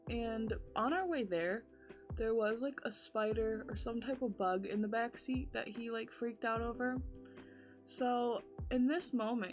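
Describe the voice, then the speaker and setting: A woman vlogger telling a spooky story in casual chat while doing her makeup, full of "like" fillers and dramatic retelling. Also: on the high side.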